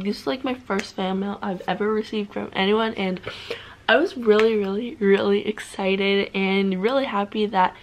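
A young woman vlogging as she unboxes gifts, gushing and excitable, full of "oh my god" and "like". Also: mid-range voice, poor audio. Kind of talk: casual unboxing vlog. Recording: clear background noise.

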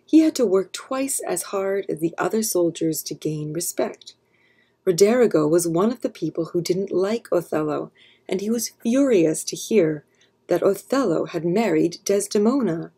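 Woman storyteller, husky, low, mellow, steady children's audiobook narration. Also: normal speed. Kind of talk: scripted narration.

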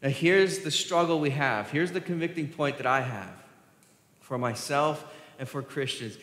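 A male pastor preaches a sermon in a church sanctuary, his medium-pitched, slightly bright voice conversational but rising for emphasis. The recording has an echoey hall reverb.

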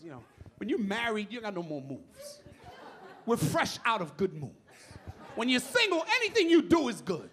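A man doing a stand-up routine in a comedy club, loud and profane, telling stories in an exasperated way. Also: high-pitched, sing-song, moderate pace, pauses often. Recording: live club with crowd laughter. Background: audience laughing.

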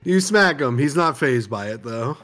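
A man's voice: medium pitch, expressive, normal speed, a bit bright, soft background music. A young man narrating as game master of a tabletop game, often laughing as he goes.

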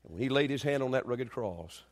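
A male pastor preaching a sermon, telling stories with shouted quotes and then dropping to quiet, earnest delivery. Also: medium pitch, animated, fairly quick, very noisy. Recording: long reverb of a church hall.

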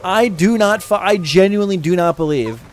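A man with a high-pitched voice livestreams a video game at normal speed, ranting and swearing at it as his frustration builds. He yells in a profane, exasperated way while giving live gameplay commentary. Game audio noise sits behind him, with gunfire and vehicles audible.

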